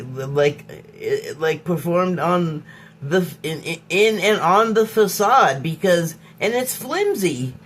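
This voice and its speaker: A woman hosting her own podcast, speaking in an unscripted, reflective monologue. She talks in a halting, musing way, often pausing to search for words and restarting her phrases. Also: fairly low pitch, slight background noise. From Hollywood, United States. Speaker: podcast host.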